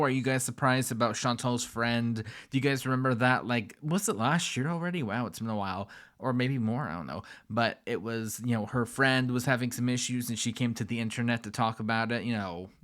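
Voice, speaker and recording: A man at a middling pitch pausing a livestream to comment on it. His remarks are wry and sarcastic, delivered as dry asides to his viewers. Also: fairly bright tone. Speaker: reaction commentator.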